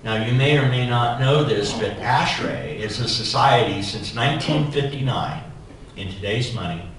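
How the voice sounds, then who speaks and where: A man giving a keynote speech as a society president, telling a personal anecdote in an animated, humorous way. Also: mid-range voice, slight background noise. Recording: echoey hall, voice from far off.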